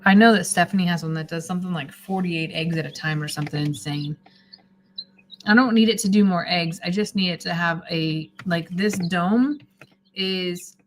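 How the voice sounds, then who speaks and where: Woman, sleepy, rambling live-stream chat, lowish voice, faint background ambience. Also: a little hiss or hum. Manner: chatty, rambling, reads out viewer comments. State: sleepy, yawning. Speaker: homesteading livestreamer.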